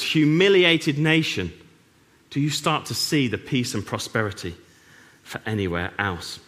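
A man preaching a sermon, earnest with dry humour and emphatic pauses, in a church. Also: medium pitch, bright, forceful tone.

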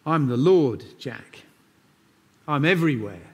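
A man voicing God as a calm, dry-humoured speaker talking down to a man on a cliff. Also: fairly high pitch, slow. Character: calm, wry male voice of God. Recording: long church reverb.

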